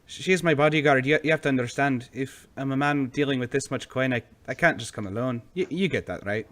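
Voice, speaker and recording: Man voicing an aging black-market dealer, smooth-talking, stammering, fawning. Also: mid-range voice, fast, a bit bright, natural voice. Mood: smooth, wheedling. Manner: stammering, ingratiating.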